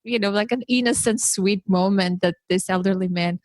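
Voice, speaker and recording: A woman podcast host telling stories in a casual, animated way, acting out the voices she quotes. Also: moderate pace, no room sound. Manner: animated, acts out quoted voices with big pitch jumps. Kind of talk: casual conversational storytelling.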